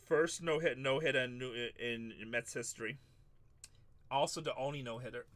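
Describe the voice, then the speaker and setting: A man's voice: medium pitch, moderate pace, a bit bright. A man hosting a live card-break stream, chatting and bantering with viewers as he opens packs. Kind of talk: casual live-stream chat.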